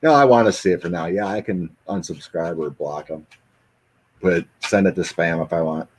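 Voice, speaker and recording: A man hosting a casual chat, rambling and animated, with mocking asides. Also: low-pitched, moderate pace, slight background noise. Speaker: host. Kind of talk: casual chat with tarot reading.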